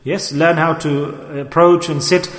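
A man preaching a sermon to a gathering, earnest and pleading, leaning on slow, emphatic repetitions. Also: on the high side, little pitch movement. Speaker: Sufi preacher. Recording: echoey hall.

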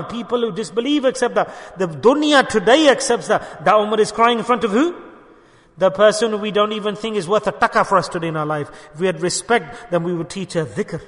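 A man preaching a sermon, telling a story with passion and rising to loud, emphatic peaks. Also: high-pitched, a little fast. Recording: long hall reverb.

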